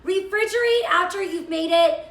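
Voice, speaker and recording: A woman's voice: extremely high pitch, normal speed, a bit bright, reverberant. A middle-aged woman hosting a live cooking stream, chatting and gushing while she reads viewer comments. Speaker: cooking show host.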